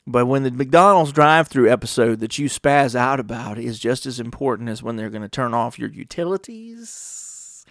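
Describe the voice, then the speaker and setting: A man's voice: medium pitch, vocal fry, no room sound, studio quality. A man talking casually in a rambling, profane monologue, full of rhetorical questions.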